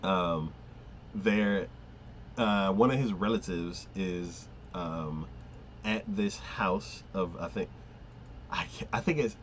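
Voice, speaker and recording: Rambling man with a low voice. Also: takes it slowly, pauses often, a little hiss or hum. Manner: rambling, filler-heavy, laughs often, acts out quotes. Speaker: anime podcast host. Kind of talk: casual chat recapping an anime.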